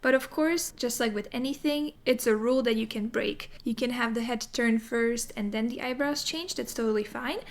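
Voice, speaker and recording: A woman teaching animation in a recorded tutorial, explaining in a clear, methodical way. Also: fairly high pitch, moderate pace, few pauses. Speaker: animation instructor.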